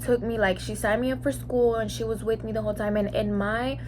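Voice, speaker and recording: A woman's voice: fairly high pitch, steady tone, fairly quick, background noise. A young woman from Mexico telling a personal story in a casual vlog monologue, full of "like"s and acting out what people said. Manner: chatty, many "like"s, acts out quoted lines. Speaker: mukbang vlogger.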